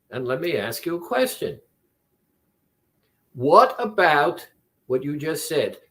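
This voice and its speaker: A man talking as a weight-loss coach, slowly and deliberately retelling a conversation with a client. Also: a little high. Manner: slow, deliberate, retells conversations with quoted dialogue. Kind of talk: reflective monologue.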